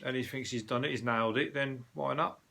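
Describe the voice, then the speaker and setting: A man's voice: mid-range voice, brisk, vocal fry, bright, forceful tone, slight background noise. A man with a Birmingham accent, hosting a casual solo news podcast in a rambling, sweary, chatty way with lots of fillers. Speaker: podcast host.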